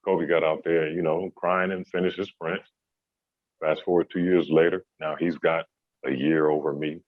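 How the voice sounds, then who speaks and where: A man, a former basketball player, telling a story in a relaxed, casual interview, with a husky voice. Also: a bass voice, normal speed, no room sound, narrow, tinny audio. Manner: relaxed, laid-back, many "you know"s.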